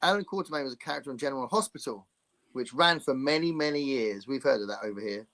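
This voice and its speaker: A man's voice: medium pitch, quick pace, fairly bright tone. A man co-hosting a casual livestream chat, joking and reading viewer comments aloud. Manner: jokey, reads viewer comments aloud, playful mimicry. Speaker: podcast co-host.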